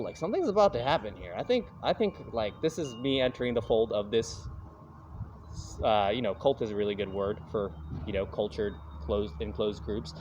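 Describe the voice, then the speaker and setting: A man's voice: medium pitch, a little mellow, a little hiss or hum, poor audio. Rambling man telling a story. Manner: rambling, breaks into quoted voices. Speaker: vlogger. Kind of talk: casual storytelling monologue.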